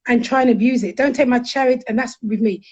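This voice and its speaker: On the high side with a breathy edge, this middle-aged woman's voice comes through dull audio. Appearing as a guest counsellor, she tells candid, conversational stories with animation and frankness, quickly acting out quotes.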